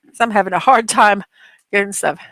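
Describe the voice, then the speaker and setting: A woman's voice: medium pitch, a little fast, a bit bright, dry recording. A middle-aged woman hosting a casual livestream chat, telling rambling stories full of fillers and laughs from her computer desk at home. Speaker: livestream host.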